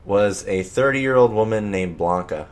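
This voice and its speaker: Deep-voiced man with dry jokes. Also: moderate pace. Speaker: podcast co-host. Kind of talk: casual chat.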